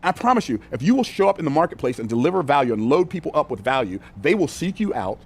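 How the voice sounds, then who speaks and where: An older man teaching business sales from a whiteboard, energetic and conversational, repeating phrases for emphasis and using casual words like y'all and ain't. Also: a little high, quick pace, husky. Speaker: business coach.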